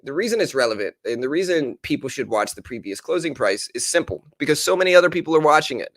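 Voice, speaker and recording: A man's voice: medium pitch, fairly bright tone, no echo, studio quality. A man hosting a live trading stream, talking through stock moves and chatting casually with viewers. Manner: casual, talks straight to chat viewers. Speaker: livestream trading host. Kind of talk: live stock market commentary.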